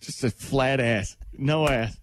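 A man's voice: mid-range voice, slow, no room sound. A man co-hosting a morning radio show, wisecracking and laughing easily in casual banter.

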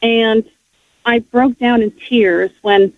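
A woman's voice: on the high side, fairly even intonation, slow pace, dry recording, soft background music. Earnest woman on a tinny phone line. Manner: earnest, heartfelt, frequent restarts. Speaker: guest sharing faith testimony. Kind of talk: emotional personal testimony.

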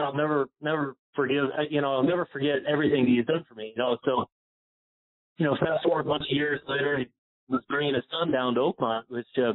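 Male guest, rambling storyteller, lots of "you know", tinny phone-line sound. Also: on the high side. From Pennsylvania. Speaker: golf instructor, guest. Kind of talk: casual storytelling interview.

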